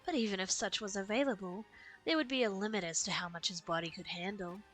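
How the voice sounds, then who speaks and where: A woman's voice: mid-range voice, fast talker, fairly bright tone, faint music behind, close to an everyday voice, low-quality recording. A woman reading the lines of a smug, scheming male villain from a game, silky and condescending. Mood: calm. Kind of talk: reading game dialogue aloud.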